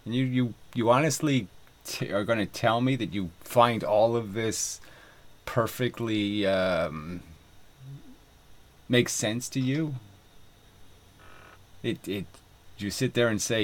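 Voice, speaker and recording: Recorded on a camera mic by the water on a windy day, this man speaks slowly in a lowish voice and pauses often. He rambles through a profane vlog monologue packed with fillers and asides he laughs through.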